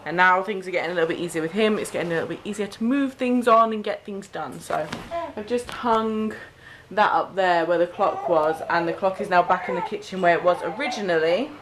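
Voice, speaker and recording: A woman's voice: lowish voice, fairly quick, noisy background. A young woman, a new mother chatting casually to camera at home, rambling through her plans. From Cheshire, England. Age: young adult. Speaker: family vlogger, new mother. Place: at home indoors.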